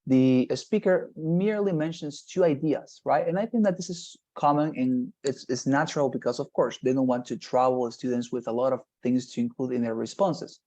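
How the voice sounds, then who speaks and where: A man's voice: mid-range voice, normal speed, hardly any pauses, mellow. A man teaching an online exam-prep class over a video call, explaining at length and checking in with the students. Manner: explanatory, repeats "nonetheless" and "right?".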